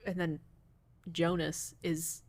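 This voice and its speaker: A woman's voice: on the low side, level tone, takes it slowly, darkish tone. A woman co-hosting a podcast, chatting casually about a movie with many fillers and laughs. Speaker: podcast co-host.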